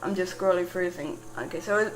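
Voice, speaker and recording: A woman's voice: on the low side, quick pace, over music, poor audio. A young woman with a British accent, rambling casually about a character she writes, with lots of fillers and restarts. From Britain. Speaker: writer discussing her character.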